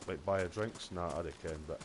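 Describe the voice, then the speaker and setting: A man's voice: sits low, quick pace, background noise. A Scottish man streaming a game, telling stories in casual, sweary, rambling chat. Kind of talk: casual chat while gaming.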